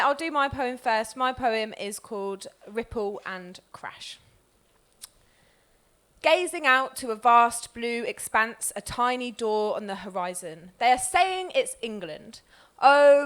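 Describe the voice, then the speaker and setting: Slow, higher-voiced woman reciting poetry. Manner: measured, expressive recitation. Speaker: poet, group founder. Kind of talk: poetry reading at a live event.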